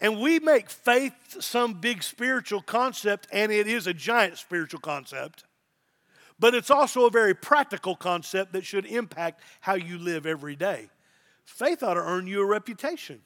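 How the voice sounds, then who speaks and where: A man's voice: high voice, animated, moderate pace, bright, forceful tone. A middle-aged man, a pastor, preaching a sermon with emphasis and repeated phrases.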